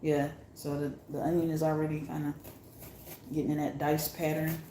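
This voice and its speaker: A woman's voice: sits low, flat delivery, normal speed, a little hiss or hum. A woman casually showing how she cooks in her home kitchen, chatting and laughing as she chops. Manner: chatty, laughing, exclaiming while chopping. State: teary-eyed from onion fumes. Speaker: cooking vlogger. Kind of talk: casual cooking demonstration. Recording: echoey kitchen with loud clatter of dishes. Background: dishes, pots and pans clattering.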